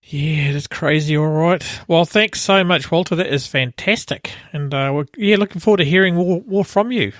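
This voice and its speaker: A man co-hosting a beekeeping podcast in casual chat, relaxed and often restarting his sentences. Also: on the high side, moderate pace, few pauses, no echo, clean studio sound. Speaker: podcast co-host.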